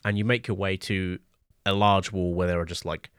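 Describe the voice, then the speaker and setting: A man running a tabletop game, describing the scene in a relaxed, casual way with many fillers. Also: low voice, normal speed, clear, resonant tone, no room sound, clean studio sound. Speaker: game master.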